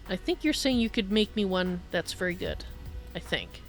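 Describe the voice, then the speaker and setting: Woman streamer, casual chatty commentary, medium voice, quiet game music under. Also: mid-range voice, very animated, moderate pace. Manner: chatty, apologetic, reads chat aloud. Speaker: livestreamer.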